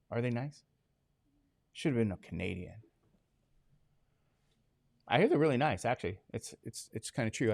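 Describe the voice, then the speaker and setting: A man's voice: mid-range voice, creaky, darkish tone. Guy teaching a class, cracking jokes, asking students stuff, kinda drowsy on meds, voice bouncing all over. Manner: joking, asks the class many questions. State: drowsy from medication. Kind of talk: classroom lecture.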